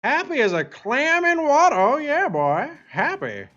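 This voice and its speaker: A man's voice: extremely high pitch, wildly swooping pitch, measured pace, bright, forceful tone, muffled recording, faint music behind, voice pushed up, heavily acted. A man putting on a goofy nasal voice for an odd, cheerful man, drawling in a sing-song way. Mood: giddy.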